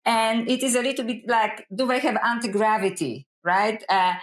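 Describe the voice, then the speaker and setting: A woman's voice: fairly high pitch, moderate pace. A woman guest and scholar talking in a reflective, earnest way, often saying "you know", in a podcast interview. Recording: roomy echo.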